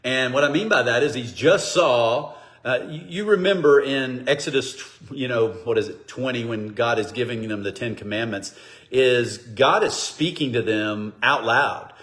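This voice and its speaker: A man's voice: mid-range voice, moderate pace. A man teaching a Bible study, speaking conversationally and telling stories, acting out voices. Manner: conversational, animated storytelling with acted quotes. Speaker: pastor. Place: church, streamed online.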